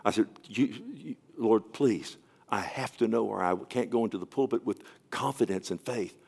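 A man with a somewhat low voice preaches a sermon as pastor. He tells the story in a personal way, often dropping to a hushed, nearly whispered tone with stammered restarts. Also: normal speed, creaky, breathy edge.

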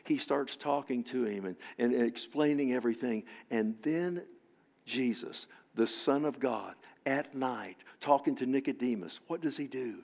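A male preacher delivering a sermon at a middle pitch. He rises to loud, emphatic phrases, then drops to near-whispered, slowed lines. Repetitions and restarts drive his points home. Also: vocal fry. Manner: dramatic preaching, swings from loud to hushed; repeats words and restarts for emphasis.

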